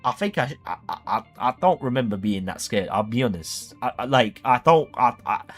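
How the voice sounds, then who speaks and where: Young man, livestream host, animated and jokey storyteller with a very lively delivery. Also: medium pitch, a little fast, soft background music. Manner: animated, jokey, acts out voices.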